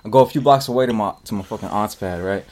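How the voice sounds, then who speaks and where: Man, twenties, casual storytelling, constant swearing, rapid delivery. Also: fairly low pitch, darkish tone. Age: 20s. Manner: profane, rambling, swears constantly. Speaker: podcast co-host telling a story.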